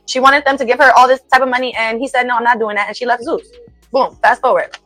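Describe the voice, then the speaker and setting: A woman's voice: sits high, a little fast, pushed and bright, no echo, faint music behind, low-quality recording. A fired-up woman venting hard. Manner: heated, repetitive, swears freely. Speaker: singer defending herself in a played clip. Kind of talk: angry venting rant.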